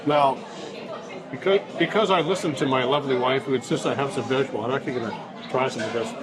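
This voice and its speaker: A food vlogger with a mid-range voice talks fast in a casual vlog, reviewing dishes in an indoor restaurant. He's enthusiastic and tastes the food as he goes, with busy restaurant chatter in the background.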